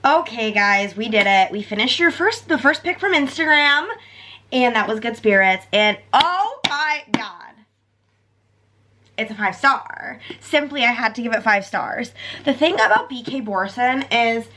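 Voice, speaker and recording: Young woman book vlogger, chatty, says like a lot, bright kinda high voice. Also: moderate pace, low-quality recording. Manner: chatty, fillers of "like", retells scenes in quotes. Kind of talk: casual chat about books.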